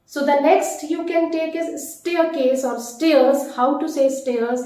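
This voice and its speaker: Lady teacher, slow, repeats every word, big echo all around. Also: sits high, warm tone. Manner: repeats each word slowly and deliberately. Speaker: French teacher. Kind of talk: slow vocabulary lesson. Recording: very echoey room.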